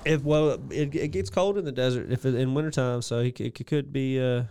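A man's voice: mid-range voice, a little fast, warm tone, slight background noise. A man co-hosting a podcast, chatting casually about a cartoon and often trailing off or restarting his sentences as he talks. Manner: hesitant, with many fillers and restarts, chatty. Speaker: podcast co-host. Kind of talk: casual chat.

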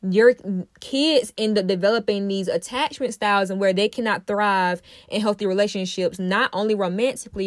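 A woman's voice: mid-range voice, no echo. Earnest woman host, dry close sound. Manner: earnest, emphatic, repeats phrases, addresses listeners directly. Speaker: podcast host. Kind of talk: personal self-help monologue.

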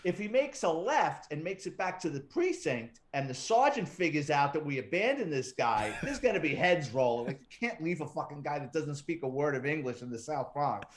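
A middle-aged man with a somewhat high voice tells old work stories as an interview guest. He swears freely, cracks jokes and slips into other people's lines as he acts out quotes. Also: big pitch swings, moderate pace, hardly any pauses. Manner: profane, wisecracking storyteller who acts out quotes. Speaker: retired police detective, guest. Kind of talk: casual storytelling interview.

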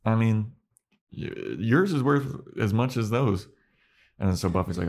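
A man co-hosting a podcast, giving a casual and animated retelling of a TV episode. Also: lowish voice, a little slow. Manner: animated retelling, laughs often. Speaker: podcast co-host. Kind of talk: casual chat recapping a TV episode.

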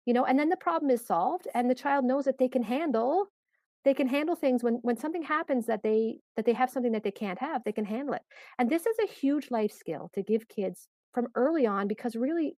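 A middle-aged woman, a parenting coach, explaining calmly in a podcast interview, with many fillers and restarts. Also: high voice, brisk, no echo.

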